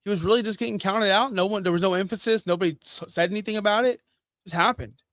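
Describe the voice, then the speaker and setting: Excitable man with a fairly high voice. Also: fast talker, dry recording. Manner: excitable, frank, worked-up opinions. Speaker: podcast co-host. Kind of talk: casual sports chat.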